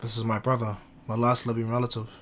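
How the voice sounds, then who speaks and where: Goku, a man voicing a calm, mighty alien guardian. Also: medium pitch, fast, a little hiss or hum, natural voice. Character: calm, all-powerful alien guardian man, kindly and confident.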